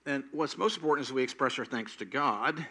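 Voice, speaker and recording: Bright-voiced older male preacher. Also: mid-range voice, brisk. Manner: animated storytelling, acts out quoted prayers. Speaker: pastor. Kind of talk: sermon.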